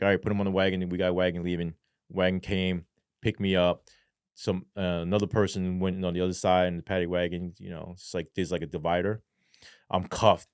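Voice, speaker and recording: A former police sergeant, a man, telling his story as an interview guest in animated, profane street slang. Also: deep voice, no echo, clean studio sound.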